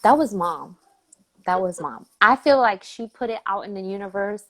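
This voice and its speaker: Through a rough recording, a woman with a medium-pitched voice and moderate pace tells a family story as an interview guest. She's an animated storyteller in a casual chat, acting out other people's voices along the way.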